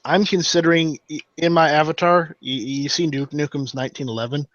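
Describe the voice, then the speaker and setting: A man co-hosting a casual podcast chat, halting and restarting his words. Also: on the high side, steady tone, a bit bright, no room sound. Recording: dry, dull lo-fi audio.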